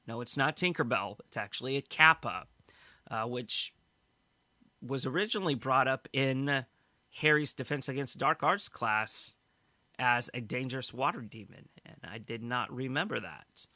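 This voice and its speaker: Bright-voiced male podcast host. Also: medium pitch, expressive, moderate pace, dry recording. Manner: summarizes news stories, laughs easily. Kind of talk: casual podcast chat.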